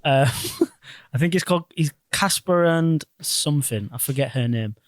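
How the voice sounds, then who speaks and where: With a fairly high pitch and normal speed, this young podcast host animatedly retells a story in casual chat. He swears a lot and performs the quoted lines himself.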